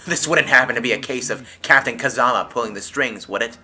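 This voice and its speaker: A man reading aloud as a brash, crude male yakuza lieutenant in a video game, loud and blustery. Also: mid-range voice, fairly quick. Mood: needling. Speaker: let's play streamer.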